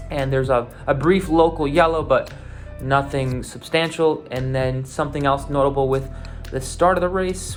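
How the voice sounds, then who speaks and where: A man hosting a show, giving a loose, unscripted recap of a car race, with lots of fillers and restarts. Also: a little high. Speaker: podcast host recapping a race.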